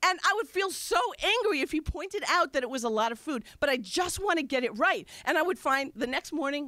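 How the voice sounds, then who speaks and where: A woman's voice: high voice, lively intonation, a little fast, few pauses, sharp tone, no room sound. A woman from Wisconsin telling a personal story on stage in a candid, conversational and self-mocking way. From Wisconsin, USA. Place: stage at a live storytelling show.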